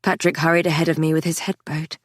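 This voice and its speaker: A woman narrating a dark fantasy story in the first person, with an intense, measured delivery. Her voice sits low, and the recording is dry and close, with no room around it. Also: flat delivery, no echo. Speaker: audiobook narrator.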